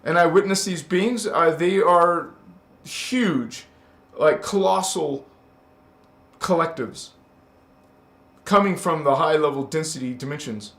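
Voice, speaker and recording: A man hosting a spiritual channel, scolding and preaching with sudden loud chanted words and many hesitations. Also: fairly high pitch, slow, pauses often. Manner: hesitant, many fillers and restarts. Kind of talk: confrontational spiritual monologue. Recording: echoey room.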